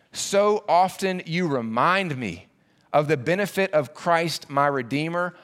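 A man preaching a sermon as pastor, earnest, slowing down to repeat key phrases for emphasis. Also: on the high side, clear, resonant tone.

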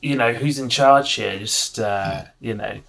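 A man's voice: fairly low pitch, measured pace, creaky, over music, poor audio. A man playing a tabletop game casually, unsure and asking for help. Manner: unsure, asks for help, laughs easily. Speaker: player.

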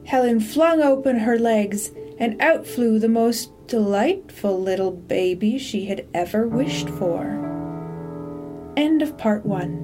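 Slow, deliberate woman storyteller. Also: a little high, lively intonation, music in the background. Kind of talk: scripted dark-comedy narration.

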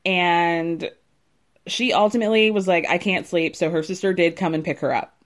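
A woman's voice: on the low side, moderate pace. A young woman casually recapping a reality show in a chatty, gossipy way, often laughing and acting out what people said.

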